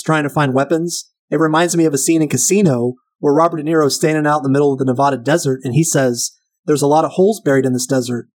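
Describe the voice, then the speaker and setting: A man's voice: on the high side, poor audio. A man hosting a casual film commentary, chatty and wry, swearing and making playful asides.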